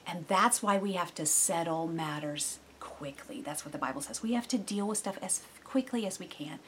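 A middle-aged woman preaching a sermon in a conversational, animated way, with frequent asides. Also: fairly low pitch, moderate pace, a little hiss or hum.

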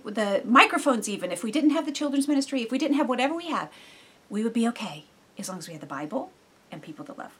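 Husky-voiced woman preaching conversationally. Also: on the high side. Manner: conversational and animated, with frequent asides. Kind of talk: sermon.

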